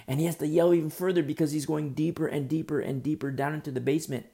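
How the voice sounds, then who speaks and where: A man's voice: a little high, steady tone, quick pace, gravelly, hardly any pauses, mellow. A male preacher delivering a sermon with earnest storytelling, often restarting his phrases.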